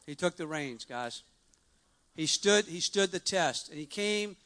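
A man's voice: a little high, animated, a little slow, sharp tone. A middle-aged man giving a personal testimony to a church congregation, earnest and rambling, with frequent restarts and fillers.

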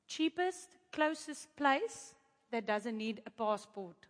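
A woman preacher telling a testimony to her audience in an animated, chatty way, with asides to the crowd. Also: a little high, slow pace. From South Africa. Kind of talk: testimony in a sermon. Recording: long hall reverb.

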